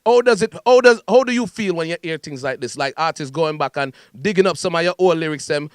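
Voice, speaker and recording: A Jamaican man hosting a radio interview, speaking quickly in a fairly high, smooth voice. He asks his questions by telling chatty stories. The sound is close and dry. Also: animated, dry recording. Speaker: radio host. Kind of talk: casual interview.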